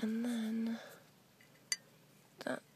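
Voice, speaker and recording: A woman chatting excitably while metal detecting outdoors in a farm field, often dropping her voice to a hushed whisper. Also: on the high side, drawn-out words, slight background noise. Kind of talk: casual outdoor commentary.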